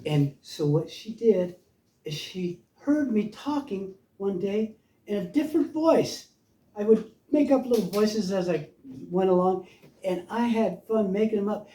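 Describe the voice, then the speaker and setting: Here a guest storyteller, an older man, rambles through playful childhood tales at an ocean-side house. His voice sits high and warm, with a little hiss or hum on the track, and the sound is roomy and distant from the microphone.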